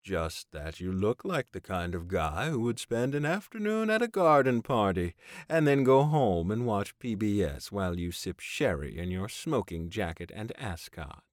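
A man's voice: on the low side, big pitch swings, normal speed, dry recording, clean studio sound. A man doing a smug, drawling TV host. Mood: mocking. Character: cocky, smug young male TV adventure host. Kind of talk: audiobook character voice.

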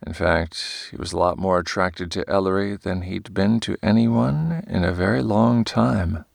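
A man narrating an audiobook in a measured storytelling manner. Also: sits low, gravelly, no echo, clean studio sound. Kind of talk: scripted narration.

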